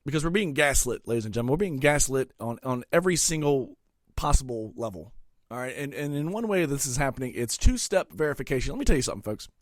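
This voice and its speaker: Ranting man, swings to shouts. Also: a little high, no echo, clean studio sound. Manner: angry, swearing, swings from muttering to shouting. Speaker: comedic ranting host. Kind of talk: comedic rant monologue.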